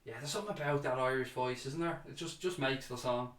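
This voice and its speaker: A man's voice: medium pitch, quick pace, a bit bright, echoey room. A man hosting a casual fan chat livestream, reading out viewer comments and chatting back to them, calling people mate.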